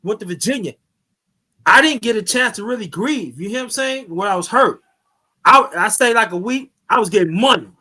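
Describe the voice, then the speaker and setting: A man's voice: high-pitched, expressive, fairly quick, sharp tone. A man hosting his channel, casually telling a personal story in a rambling way, repeating himself and restarting sentences. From New York. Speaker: YouTube channel host. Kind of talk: casual storytelling on a live chat.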